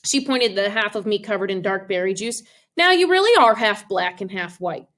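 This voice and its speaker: A woman voicing a brisk mother who reassures her son firmly in an audiobook reading. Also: medium pitch, lively intonation, a bit bright, voice pushed down, close to an everyday voice. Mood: reassuring. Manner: firm, reassuring. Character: mother, brisk and reassuring, quick to laugh things off.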